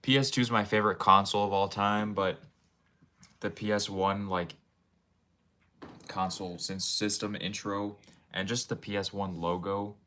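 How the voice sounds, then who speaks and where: A man's voice: lowish voice, flat delivery, moderate pace, pauses often, bright, forceful tone. A young man streaming from his room at home, rambling casually and talking to his chat in a laid-back way. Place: home room with game shelves.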